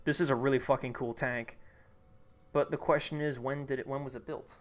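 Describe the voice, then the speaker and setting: A man's voice: mid-range voice, fairly even intonation, a little fast. A young man streaming live, thinking aloud, reading chat and restarting sentences as he goes.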